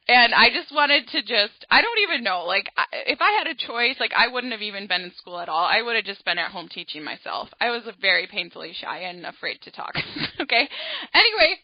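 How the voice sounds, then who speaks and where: A woman hosts an astrology podcast in a casual, rambling storytelling manner, animated and full of little asides. Her voice sits fairly high. The recording is dry with a slightly muffled, dull tone. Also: normal speed, no room sound. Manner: chatty, animated, many "like" and "okay?" asides.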